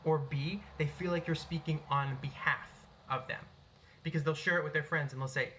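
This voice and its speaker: A young man from Boston with a mostly neutral American accent, giving an unscripted tips talk in his apartment. He projects his voice with an animated delivery, recorded on a cell phone. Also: a little high, normal speed, slight background noise. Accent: neutral American, Boston traces. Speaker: self-help speaker. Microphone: cell phone, no microphone.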